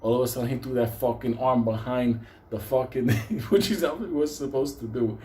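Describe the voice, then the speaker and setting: New man spinning a profane comic yarn, mid pitch, laughing through it. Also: normal speed, warm tone. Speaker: storyteller. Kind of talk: casual comic storytelling.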